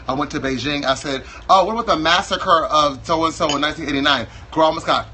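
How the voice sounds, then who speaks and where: A man's voice: on the high side, quick pace, sharp tone, slight background noise, low-quality recording. A man in his thirties from Wisconsin, chatting as a guest in a flamboyant, campy, playfully exaggerated way. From Wisconsin, USA. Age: 30s. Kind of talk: casual chat.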